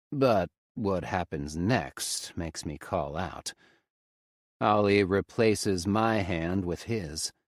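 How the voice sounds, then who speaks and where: A man reading a romance audiobook in the first person with a very deep voice. His delivery is low and intimate, in the steady manner of a storyteller. The close studio mic gives a dry sound with no room around it. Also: dry recording. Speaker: audiobook narrator.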